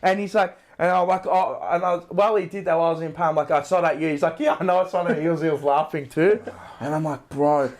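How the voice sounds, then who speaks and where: A young man with a fairly high voice tells a story on a podcast in a casual chat. He talks in an animated way, swears freely and acts out what he and others said. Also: fast. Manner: animated, swearing storyteller acting out his own lines. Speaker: podcast co-host.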